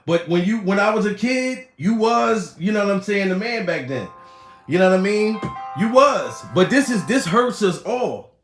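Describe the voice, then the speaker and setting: High-voiced man ranting comically. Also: fairly bright tone. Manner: laughs often, mock-crying and exaggerated. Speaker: comedy livestream host. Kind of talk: profane comedic rant. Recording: echoey room.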